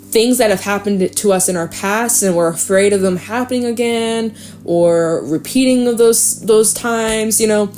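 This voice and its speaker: A woman with a mid-range voice talks through a tarot reading in a loose, chatty way, encouraging and now and then swearing. Faint music plays softly behind her. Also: medium pitch. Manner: chatty and encouraging, acts out worried inner voices, swears casually. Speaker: tarot reader.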